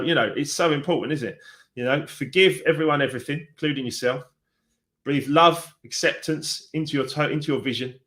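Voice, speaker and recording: A man in his forties hosts a live motivational stream as a success coach. He talks in a chatty, encouraging way, warm in intent and loose in delivery, with lots of fillers. His pitch sits in an ordinary middle range for a man.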